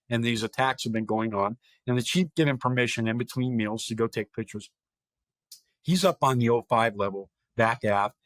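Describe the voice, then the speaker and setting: A man's voice: medium pitch, dry recording. A man speaking as a guest and telling a vivid, dramatic story, quoting people directly as he goes. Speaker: guest, historic park chief of staff.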